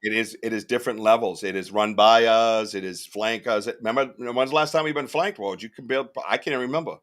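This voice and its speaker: Male host, lowish voice, plain and affirming. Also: brisk, a bit bright. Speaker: podcast host. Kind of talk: casual chat.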